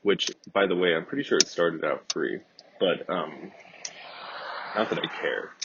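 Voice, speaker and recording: Gravelly low-voiced man telling a profane story. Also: a little slow, background noise. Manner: profane, rambling, deadpan. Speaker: podcast host. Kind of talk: casual comedic storytelling. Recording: dull lo-fi dry recording.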